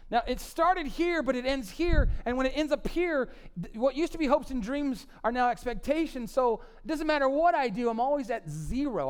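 Male pastor, forties, high voice, smooth and resonant, animated sermon, loud-to-soft swings. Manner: animated, swings between loud emphasis and low quiet asides. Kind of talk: sermon on marriage.

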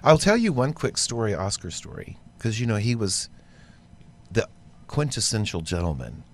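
A man co-hosting a podcast, telling a lively story in casual chat. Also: lowish voice, moderate pace. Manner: animated storyteller, acts out quoted dialogue. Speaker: podcast co-host.

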